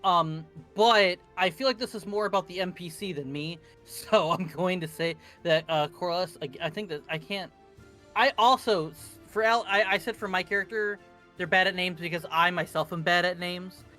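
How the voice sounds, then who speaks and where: Guy talking after a tabletop game, bright, kinda high voice, keeps correcting himself, music under. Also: normal speed. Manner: rambling, self-correcting, many fillers. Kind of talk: casual post-game chat. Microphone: computer mic on voice call.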